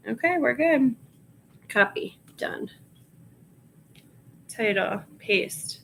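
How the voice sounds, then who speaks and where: A woman's voice: medium pitch, slow pace, slight background noise, poor audio. A woman with a Long Island accent chatting casually on a livestream, reading bits of her work aloud to herself as she goes. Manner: muttering and reading aloud to herself while typing. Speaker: reseller listing items live. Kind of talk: casual livestream chat while working.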